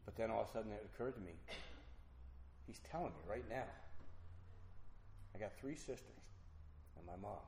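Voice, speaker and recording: A middle-aged man earnestly telling a personal recovery story to an audience, with halting restarts. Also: lowish voice, darkish tone. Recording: roomy hall with faint noise.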